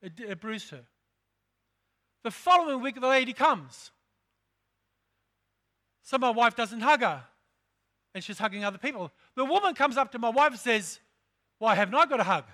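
High-voiced pastor preaching. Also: male voice, expressive, moderate pace, pauses often, sharp tone. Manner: emphatic, repeats phrases, calls to the congregation. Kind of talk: sermon.

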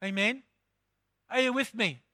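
A man's voice: very high voice, unhurried, pushed and bright. A man preaching a sermon as pastor, emphatic, repeating phrases and calling out to the congregation.

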